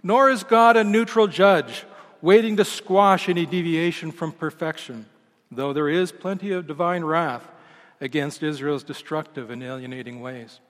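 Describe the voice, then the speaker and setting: This pastor preaches slowly and with emphasis, letting every line drop at its close. His voice sits slightly high for a man and echoes with long reverb across a big church hall.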